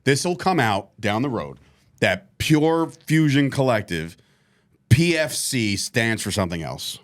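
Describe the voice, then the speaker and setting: A man's voice: mid-range voice, very animated, unhurried. A man hosting a podcast, running through wrestling results in casual, profane chat and laughing often. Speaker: podcast host. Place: studio.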